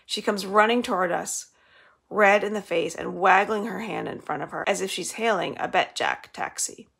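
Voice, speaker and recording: A woman librarian reading a children's novel aloud in a steady storytelling manner. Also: mid-range voice, moderate pace, vocal fry, slightly rough.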